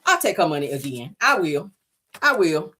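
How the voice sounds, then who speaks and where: A woman voicing an irritated, greedy male lawyer who takes a client's money without caring, in a flat, dismissive, lower voice. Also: normal speed, slightly rough, exaggerated voice.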